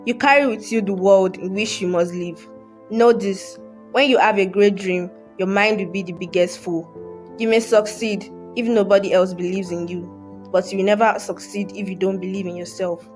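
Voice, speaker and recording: Earnest female storyteller over soft music. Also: mid-range voice, fairly even intonation, moderate pace. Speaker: story narrator. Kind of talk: scripted narration of a moral story.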